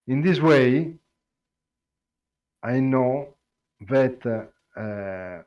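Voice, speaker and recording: A man with an Italian accent, Italian his first language, explaining code on a live stream, halting with many fillers and restarts. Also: mid-range voice, expressive, lo-fi sound. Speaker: programming presenter.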